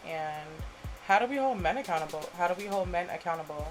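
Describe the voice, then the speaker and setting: Woman, lowish voice, measured, thoughtful, casual podcast guest, music playing clearly behind. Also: lively intonation, rough recording. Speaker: guest host.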